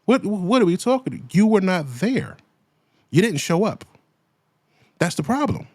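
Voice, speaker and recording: A man rants in crude, heated commentary, and his pitch swings up and down as he drives each point home. He keeps circling back with blunt rhetorical questions. The sound is close and dry, with no room behind it. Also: big pitch swings, measured pace, a little mellow, no room sound. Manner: profane, heated, repeats himself. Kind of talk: ranting commentary.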